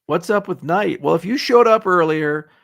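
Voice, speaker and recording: A man's voice: high-pitched, animated, moderate pace, vocal fry, fairly bright tone. A middle-aged man hosting a casual livestream Q&A, answering viewer questions in a blunt, sarcastic and profane way. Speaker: host.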